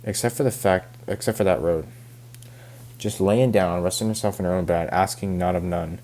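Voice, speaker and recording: A man's voice: low voice, a little mellow, natural voice. A man reading as a grumbling old farmer. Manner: reads in rural dialect, halting over words. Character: complaining older backwoods farmer man, self-pitying.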